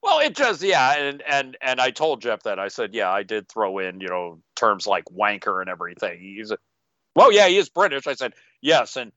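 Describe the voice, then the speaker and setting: A man chatting casually about running tabletop games, telling his stories with animated, playful voices. His voice is bright and forward. The sound is dry and a little dull, as if from a modest mic. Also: fairly low pitch, moderate pace, hardly any pauses, no room sound. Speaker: game master and podcast co-host. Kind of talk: casual chat.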